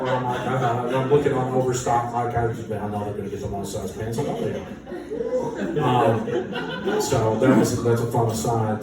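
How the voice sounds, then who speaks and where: A band musician telling an animated, self-mocking story with frequent laughter. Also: male voice, medium pitch. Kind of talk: casual anecdote storytelling. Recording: echoey room, distant mic, noisy.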